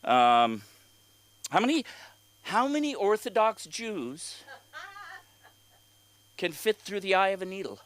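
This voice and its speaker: Rambling stand-up comic with lively pitch. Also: male voice, a little hiss or hum. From California. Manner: rambling, halting delivery with many fillers and restarts; crude, exasperated ranting. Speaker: open mic comedian. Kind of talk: stand-up comedy set. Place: comedy club stage.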